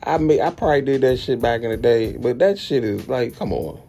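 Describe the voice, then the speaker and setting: A young man, hosting a podcast and ranting bluntly and profanely, often jumping into high incredulous tones. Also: lively intonation, a little fast, vocal fry, warm tone, faint music behind. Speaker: podcast host. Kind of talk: casual podcast rant.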